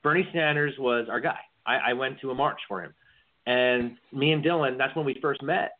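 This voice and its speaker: A co-host of a laid-back political podcast speaks at medium pitch and normal speed, with a little hiss or hum and tinny, phone-like lo-fi sound. He tends to ramble and repeat words when beginning sentences.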